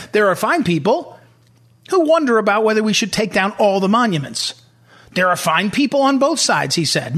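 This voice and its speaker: A man's voice: high-pitched, fairly bright tone. A middle-aged man hosting a political talk radio show, emphatic and repetitive as he hammers his points home.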